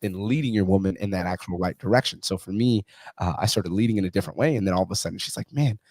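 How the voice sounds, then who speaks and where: A man hosting a podcast and telling a story in a profane, animated way, acting out what others said. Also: low voice, rapid-fire, dry recording, clean studio sound. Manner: profane, animated storyteller who acts out quotes. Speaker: podcast host. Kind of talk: casual podcast conversation.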